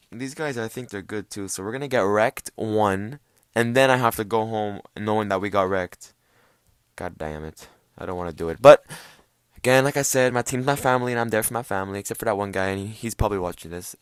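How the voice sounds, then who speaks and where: Young male podcast host, low voice, dry close-miked bedroom recording, casual swearing rant. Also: smooth, no echo. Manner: profane, animated, jumps to loud squeaky mock voices. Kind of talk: casual ranting monologue.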